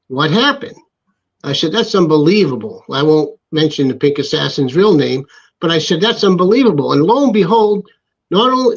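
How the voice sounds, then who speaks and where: Animated storytelling man, slightly muffled. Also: on the high side. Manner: animated storyteller acting out quotes. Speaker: podcast co-host, former wrestler. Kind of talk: casual storytelling chat. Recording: slightly dull lo-fi sound.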